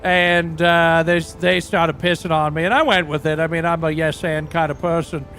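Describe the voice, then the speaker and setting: A man playing a crude, boastful rock singer who rambles through profane, deadpan tall tales in a game roleplay. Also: on the high side, moderate pace, faint music behind. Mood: rambling, crude. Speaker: roleplay character.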